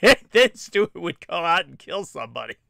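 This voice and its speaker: A man's voice: high-pitched, very animated, normal speed, creaky, pushed and bright, dry recording, studio quality. A man hosting a livestream in casual chat, joking and laughing often. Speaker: livestream host.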